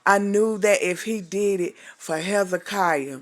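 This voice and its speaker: A woman minister speaks in a fervent, preachy testimony, emotional and close to tears. She calls her listeners honey and breaks into hallelujahs, with a voice that sits at an ordinary middle pitch for a woman. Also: measured pace, few pauses.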